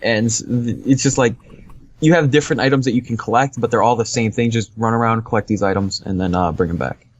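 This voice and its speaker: A man's voice: mid-range voice, fairly quick, highs cut off. A man co-hosting a podcast, casually rambling through a game review with lots of fillers and easy laughs. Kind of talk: casual chat.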